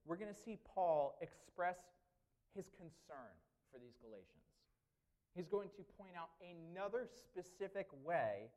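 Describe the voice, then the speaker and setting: A man's voice: a little high, darkish tone. Conversational man preaching a sermon. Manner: conversational preaching with frequent "right?" and "okay?". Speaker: pastor.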